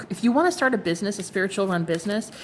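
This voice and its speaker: A woman's voice: mid-range voice, lively intonation, racing, noisy background. A young woman casually reading tarot cards for her viewers, chatty and rambling with fillers and restarts. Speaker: tarot card reader.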